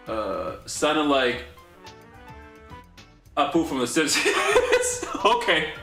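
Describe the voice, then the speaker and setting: A man's voice: a little high, huge pitch swings, extremely slow, creaky, long pauses, sharp tone. A young man hosting a livestream, casually recapping a story with rambling, incredulous asides to chat. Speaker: livestream host. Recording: echoey room with faint music.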